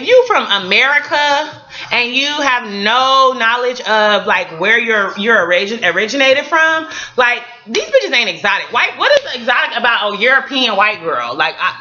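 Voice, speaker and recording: A woman's voice: mid-range voice, sing-song, brisk, sharp tone, highs cut off. A young woman from San Diego giving a blunt, profane recap of a TV episode in a casual home video. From San Diego, California. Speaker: recap vlogger.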